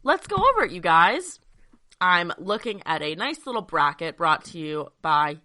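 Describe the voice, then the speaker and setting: A young woman hosting a sports podcast from her childhood bedroom, chatty and excitable with lots of fillers, a little out of breath. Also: lowish voice, moderate pace. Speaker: podcast host. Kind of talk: casual sports podcast monologue.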